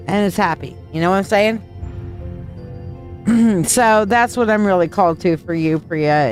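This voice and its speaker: A chatty woman gives tarot readings on a live stream. Her voice sits at an ordinary middle pitch and her talk is affectionate and loose. Soft music plays faintly behind her. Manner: chatty and affectionate, calls viewers sweetheart; folksy, loose and rambling.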